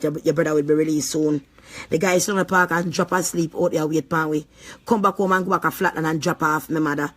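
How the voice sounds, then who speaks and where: A woman with a Jamaican accent telling a story as a heated, profane vlog rant. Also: low-pitched. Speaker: vlogger.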